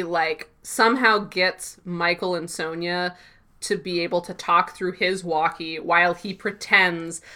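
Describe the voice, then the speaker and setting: A woman with a bright, forceful voice chats casually on a podcast, recapping an episode. She tells the story with lively energy, breaks into laughter often and slips into quick impressions of the characters. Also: on the low side. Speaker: podcast co-host.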